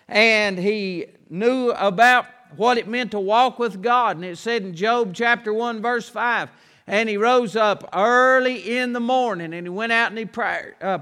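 A man preaching a sermon, reading scripture aloud and slowing down, louder, on the verses. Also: sits high, smooth, long reverb tail.

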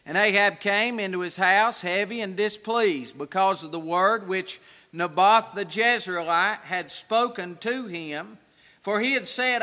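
A man's voice: sits high, pushed and bright, in a large hall. A man preaching a sermon as pastor, reading scripture aloud in a raised, emphatic voice.

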